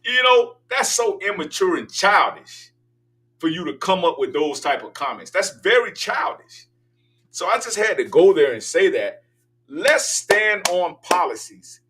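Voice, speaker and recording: An older man rants emphatically as he hosts his talk show, his voice bright and pushed. He sounds set back from a distant microphone. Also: sits high, sing-song, a little slow, slight background noise. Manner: emphatic, ranting, preachy. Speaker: political talk show host. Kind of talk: opinionated monologue.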